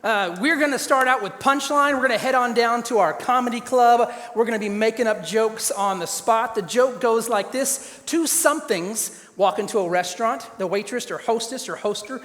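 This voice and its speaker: A man emcees a live improv comedy show, upbeat and talking out to a crowd. His voice sits high for a man. A long hall reverb trails each line. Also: normal speed, few pauses, fairly bright tone. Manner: upbeat, announcing to an audience.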